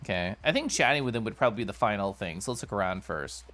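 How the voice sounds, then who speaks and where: A man's voice: lowish voice, quick pace, few pauses. A man streaming a game live, commenting as he plays and laughing often as he talks. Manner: animated, laughs often while talking. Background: faint game music.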